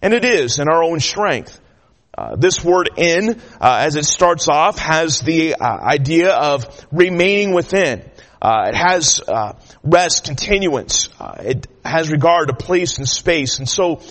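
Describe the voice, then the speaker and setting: Guy preaching, chatty story with lots of uhs, slightly high voice, big echoey church. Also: a bit bright. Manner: folksy storytelling with frequent uh fillers. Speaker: pastor. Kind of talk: sermon. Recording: long hall reverb.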